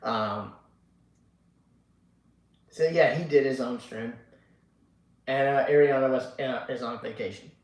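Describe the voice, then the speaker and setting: A man's voice: medium pitch, slow pace, pauses often, a little mellow, reverberant, rough recording. A sleepy man hosting a casual live stream, reading chat aloud and rambling with lots of fillers and casual swearing. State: sleepy, yawning. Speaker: livestream host reading chat.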